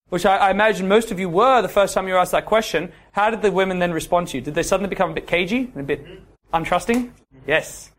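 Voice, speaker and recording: High-voiced man coaching a class. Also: fairly bright tone. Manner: direct, asks the room questions, ends points with "yeah?". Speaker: dating coach. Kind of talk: workshop talk to a class.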